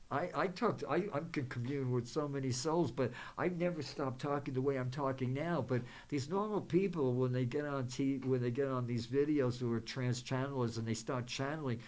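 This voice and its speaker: Guy rambling about spirit stuff on his show, lots of uhs and restarts, gentle blessings, mid-pitched voice. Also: normal speed. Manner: rambling, many fillers and restarts. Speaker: psychic and spiritual show host. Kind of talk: rambling spiritual talk to viewers.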